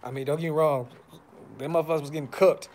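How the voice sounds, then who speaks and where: A man's voice: on the high side, fairly even intonation, quick pace, a little mellow. A man hosting a fan podcast, talking casually on a live stream with frustration, blunt slang and lots of repeats. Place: brother's house.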